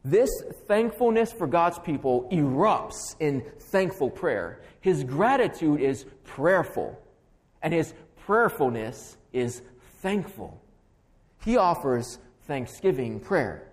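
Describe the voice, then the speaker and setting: A man's voice: on the high side, sing-song, slow. Emphatic preacher man in a reverberant hall. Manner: emphatic, builds with repeated stacked phrases. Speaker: pastor. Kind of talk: expository sermon.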